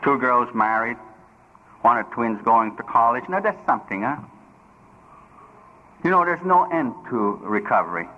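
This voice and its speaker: An older man shares his life story at a recovery meeting, joking and plain-spoken with loose grammar. His pitch rises and falls with animation. The recording is dull and lo-fi. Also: expressive, normal speed, pauses often. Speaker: recovery speaker. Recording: dull lo-fi recording with faint noise.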